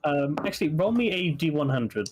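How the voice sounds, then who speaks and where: A man's voice: a little high, very animated, normal speed, darkish tone, rough recording. A man running a tabletop game, telling players where they are and what to roll. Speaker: game master.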